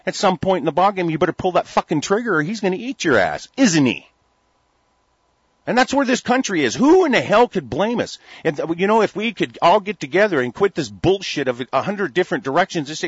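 A man's voice: high-pitched, sing-song, brisk, husky, no room sound. A man from the United States in a heated, rambling talk-radio rant, stammering through restarts and swearing freely. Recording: dull lo-fi recording.

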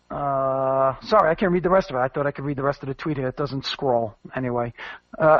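A man's voice: a little high, fairly bright tone, dry recording, dull audio. A man hosting a commentary show, rambling and emphatic with many fillers. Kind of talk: casual spoken commentary.

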